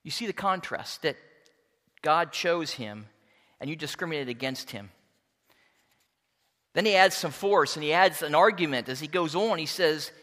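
A man preaching a sermon, reading scripture aloud and explaining it with emphatic, expressive delivery. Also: fairly high pitch, normal speed, pauses often, in a large hall. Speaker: pastor.

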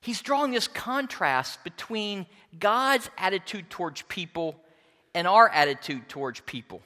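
A man preaching a sermon, reading scripture aloud and explaining it with emphatic, expressive delivery. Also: high voice, measured pace, in a large hall. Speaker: pastor.

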